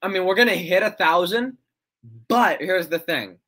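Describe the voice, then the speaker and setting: Young male streamer, casual rambly chat with frequent laughs; bright, slightly high voice. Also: moderate pace. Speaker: livestreamer.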